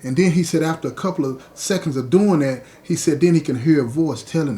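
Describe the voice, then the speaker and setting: Male podcast host, a touch high in pitch, tells a story with animated, chatty delivery. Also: fast talker, few pauses. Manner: animated, conversational retelling, addresses listeners directly.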